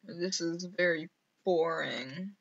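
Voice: mid-range voice, slow pace, vocal fry, a bit bright. Gameplay commentary, rambling, self-mocking, mutters to self, headset mic, slightly muffled lo-fi sound. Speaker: streamer.

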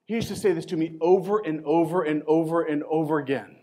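A man in his forties giving a storytelling motivational talk to coaches, conversational and emphatic, with short pauses, speaking into a lapel mic. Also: a little high, warm tone. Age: 40s. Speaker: keynote speaker at a coaching event. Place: conference stage before a live audience.

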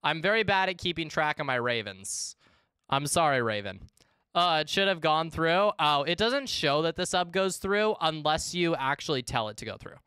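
A man's voice: fairly high pitch, very animated, normal speed, sharp tone, smooth, no echo, studio quality. A man live-streaming a game, chatting casually with his chat in a rambling, profane way.

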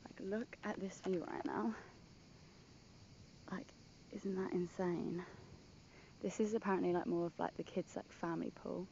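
A young woman chatting excitedly in a casual travel vlog outdoors at a villa, gushing and full of "like". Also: fairly low pitch, a little slow, creaky, long pauses, muffled recording, slight background noise. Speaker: vlogger.

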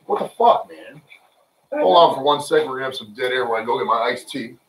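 A man's voice: medium pitch, animated, fast talker, a bit bright, slight background noise. A man hosting a casual home livestream, talking loosely and joking with plenty of swearing. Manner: loose, profane, joking, off-the-cuff. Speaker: livestream show host. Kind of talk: casual rambling chat. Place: home room with friends. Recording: roomy, mic at a distance.

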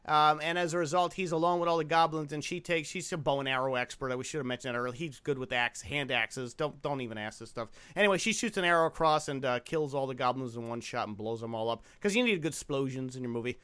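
Bright-voiced man joking on a podcast. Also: medium pitch, fast, hardly any pauses, clear, resonant tone. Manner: jokey, laughing, teasing asides. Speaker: podcast host. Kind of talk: casual comedic movie-review chat. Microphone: podcast microphone.

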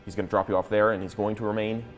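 A man's voice: on the low side, flat delivery, racing, lo-fi sound, faint music behind. A young man narrating a tabletop game as game master, describing scenes with dramatic flair and frequent restarts.

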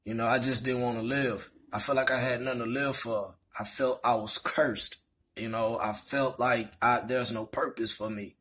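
A man's voice: medium pitch, steady tone, moderate pace, bright, forceful tone, slightly rough. A young man telling a personal story in a candid, rambling way, full of fillers. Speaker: vlogger.

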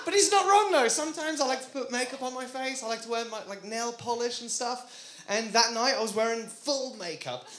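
A man from France with a British accent performing a stand-up comedy set, shouting his punchlines. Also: very high-pitched, a little fast, crowd noise. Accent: British English. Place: comedy club with audience. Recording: roomy live club recording with audience noise.

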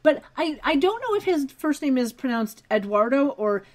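A woman's voice: high-pitched, sing-song, normal speed, a little mellow. A woman co-hosting a podcast, recapping a TV episode in casual chat with wry asides. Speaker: podcast co-host.

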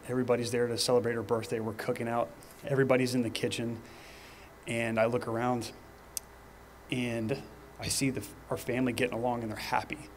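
Man in his 30s, training presenter; earnest, measured, flat-toned delivery over faint background hiss. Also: medium pitch. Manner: earnest, personal storytelling with pauses and restarts. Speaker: fire department lieutenant presenter.

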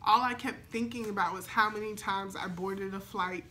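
A young adult woman chatting in a vlog as a flight attendant, excited and emotional, with lots of fillers. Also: mid-range voice, normal speed, a little hiss or hum. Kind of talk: casual vlog chat.

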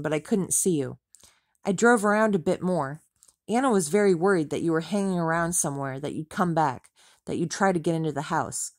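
A woman's voice: fairly low pitch, dry recording, studio quality, lightly acted. A woman reading an audiobook, voicing an angry, exasperated man who snaps at his ex-wife. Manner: furious, exasperated, snapping.

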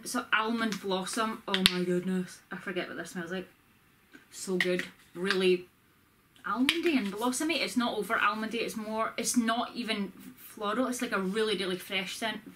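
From her bedroom at home, a woman vlogger uses a camera with a ring light to show off a shopping haul, chatting casually, rambling and making fun of herself. Her voice is medium-pitched and fairly bright, with slight background noise.

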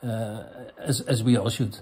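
A man with a Dutch accent, a native Dutch speaker, hosting a comedy vlog and reading out viewer questions in a crude, rambling, halting way. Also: fairly low pitch, fairly even intonation, warm tone. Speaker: host.

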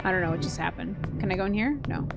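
A woman streamer playing a video game live, talking playfully, reacting loudly and laughing. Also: fairly low pitch, very fast, gravelly, over loud music. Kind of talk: live gameplay commentary.

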